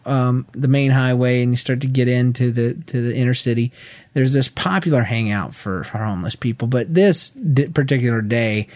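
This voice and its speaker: A man in his thirties co-hosting a podcast in casual chat, telling stories with lots of restarts and quick laughs. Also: medium pitch, a little mellow, no echo. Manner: rambling storyteller with many restarts and laughs. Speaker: podcast co-host.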